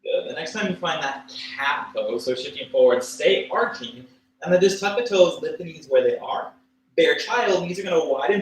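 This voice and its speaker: A man teaching a livestreamed yoga class, cueing poses and breaths in a relaxed, casual way with fillers and small jokes. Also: fairly high pitch. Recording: echoey room with faint ambient noise.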